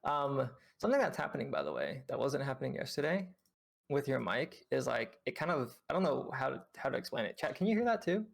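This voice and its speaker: Male game coach, gravelly voice, patient, explanatory, filler-heavy delivery. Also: medium pitch, big pitch swings, brisk. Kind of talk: reviewing gameplay with a student on stream.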